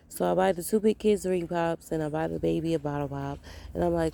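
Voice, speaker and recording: Gravelly low-voiced woman telling a story. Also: fairly even intonation, normal speed, mellow. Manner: rambling, repeats phrases, quotes people in voices. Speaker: mother of young kids. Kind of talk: casual storytelling vlog.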